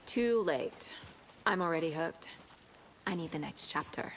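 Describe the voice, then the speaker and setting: A calm, analytical detective. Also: female voice, sits low, a little hiss or hum, heavily acted. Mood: focused. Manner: measured, analytical. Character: calm, focused woman detective.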